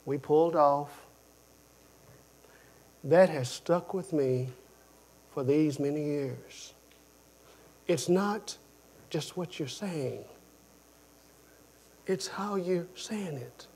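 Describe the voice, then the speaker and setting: A man preaching a sermon, telling stories in an animated way and often repeating himself, moving between loud, emphatic phrases and quiet ones. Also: a little high, very slow, long pauses, husky.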